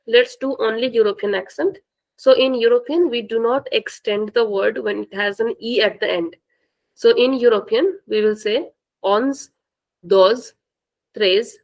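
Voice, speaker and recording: Woman, language teacher, slow deliberate pace, slightly high voice, patient repetition. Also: darkish tone, low-quality recording. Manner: careful, repeats words slowly for students. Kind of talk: classroom-style language lesson.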